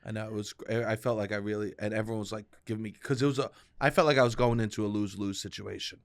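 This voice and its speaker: Animated male podcast co-host, dry mic. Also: rapid-fire, no echo. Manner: animated storyteller, gets loud and high when acting out his mother. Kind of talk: casual comedic chat.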